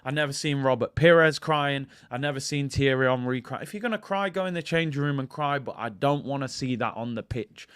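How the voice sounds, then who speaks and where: A man hosting a live fan stream, ranting in an animated, outspoken way and now and then breaking into song. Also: mid-range voice, clear, resonant tone. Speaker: fan channel host.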